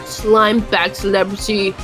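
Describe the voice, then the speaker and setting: A man's voice: sits high, little pitch movement, unhurried, music in the background. A man voicing a nosy, bossy old woman security guard as he reads game dialogue aloud, in a scolding, theatrical manner. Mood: snippy.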